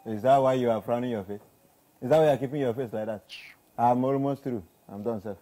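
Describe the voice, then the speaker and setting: A man playing a blunt driver who fires back quick, dismissive retorts. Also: medium pitch, very noisy, lightly acted. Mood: teasing.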